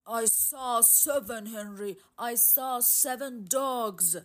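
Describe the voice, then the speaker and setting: A woman reading a storybook aloud and voicing an uneasy, rough-spoken male frontier trapper with plain, slangy grammar. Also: a little high, slow pace. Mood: hushed.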